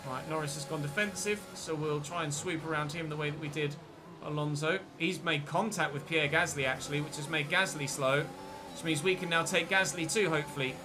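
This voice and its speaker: A man streaming a racing game, commentating his race excitedly and joking with his viewers. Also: fairly high pitch, a little fast, background noise. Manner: excitable, jokey, talks to viewers. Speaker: gaming streamer.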